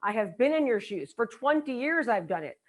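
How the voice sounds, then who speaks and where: A middle-aged woman with a slightly high voice speaks as a business coach at a live event. She talks emphatically and drives her points home by repeating them. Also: big pitch swings, a little fast. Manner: emphatic, repeats key lines for effect. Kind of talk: motivational seminar talk.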